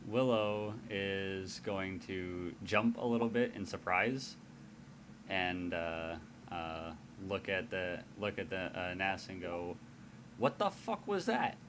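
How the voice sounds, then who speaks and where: A man's voice: low voice, fairly even intonation, takes it slowly, noisy background. A man playing in a casual tabletop game, describing his character's actions hesitantly and swearing casually. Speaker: player.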